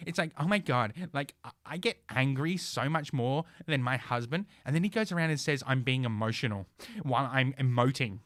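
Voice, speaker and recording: A man's voice: medium pitch, animated, fairly quick, fairly bright tone, no echo, clean studio sound, lightly acted. A man putting on a mocking impression of an emotional young wife, whiny and sing-song. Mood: mocking whine.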